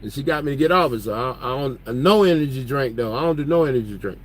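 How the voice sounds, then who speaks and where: A man's voice: mid-range voice, animated, quick pace, a little hiss or hum, rough recording. Joking truck-driving man chatting. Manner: loose, joking storyteller with laughs. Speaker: truck driver vlogger. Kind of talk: casual chat. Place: truck cab.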